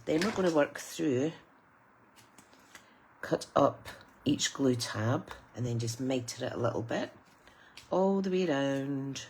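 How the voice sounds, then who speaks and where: A woman's voice: a bass voice, expressive, takes it slowly, long pauses, darkish tone, slight background noise. Chatty British woman teaching a craft. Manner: chatty, soothing story-time teaching tone. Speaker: papercraft demonstrator. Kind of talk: live crafting tutorial.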